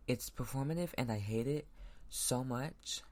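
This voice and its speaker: Man, podcast host, angry solo rant, loud sudden outbursts, mid-pitched voice. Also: a little slow. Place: home room with a laptop.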